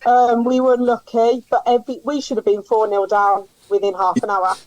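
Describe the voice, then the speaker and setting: Brisk opinionated woman talking football. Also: a little high, little pitch movement, darkish tone, no room sound, muffled recording. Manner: brisk, opinionated, lots of ums. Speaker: podcast panelist giving match feedback. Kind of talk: casual football chat.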